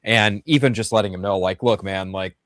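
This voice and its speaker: A man hosting a casual livestream chat, rambling excitedly with restarts and the odd swear. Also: on the low side, fairly quick, dry recording, studio quality. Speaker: podcast host.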